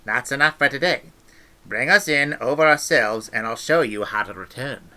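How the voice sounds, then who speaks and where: A man voicing a stern, no-nonsense old village witch woman, brisk and scolding. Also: mid-range voice, expressive, sharp tone. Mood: grudging.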